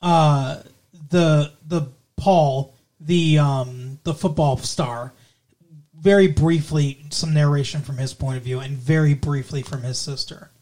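A man's voice: on the high side, fairly even intonation, takes it slowly, a little mellow. A young man casually reviewing a film in conversation, rambling with lots of fillers and restarts. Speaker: podcast co-host reviewing a film.

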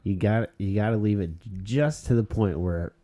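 A man's voice: lowish voice, normal speed, dark tone. A man co-hosting a casual podcast, teasing the others, swearing and laughing a lot. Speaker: podcast co-host. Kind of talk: casual chat.

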